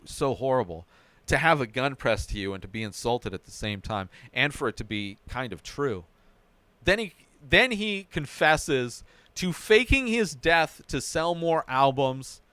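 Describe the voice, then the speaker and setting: A man with a smooth, resonant voice, telling the plot of a TV episode on his podcast in loose, chatty runs. He keeps checking in with the listener with a quick "right?". The sound is close and dry. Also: medium pitch, pushed and bright, no room sound. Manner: narrates plot in a run-on way, often adding "right?". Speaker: podcast host recapping a TV episode. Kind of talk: casual episode recap.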